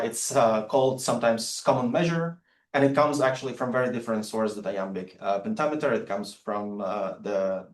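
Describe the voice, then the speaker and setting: A man, a non-native English speaker, giving an academic lecture on poetic forms with many halting fillers and restarts. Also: medium pitch. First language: Latvian. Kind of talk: public lecture with poetry readings. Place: lecture room. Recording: roomy lecture hall sound.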